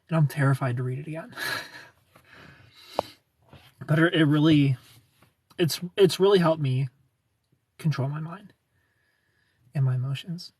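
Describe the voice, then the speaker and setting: A man in his thirties chats casually on a livestream, answering viewers as he goes. His voice is husky and a bit breathy and sits a little higher than most men's. He rambles, restarts his sentences and chuckles often, and he sounds slightly back from the phone mic in a dry space. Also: a little mellow, no room sound, distant mic.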